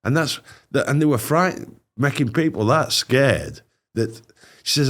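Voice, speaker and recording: Lively blunt man. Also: mid-range voice, a little slow. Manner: animated, blunt, dialect grammar. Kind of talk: casual anecdote telling.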